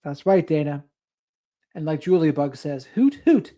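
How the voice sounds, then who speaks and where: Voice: medium pitch, fairly even intonation, normal speed, dark tone. A livestream host chatting casually late at night, reading out viewer comments and drifting into rambling asides. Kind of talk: casual late-night live stream chat.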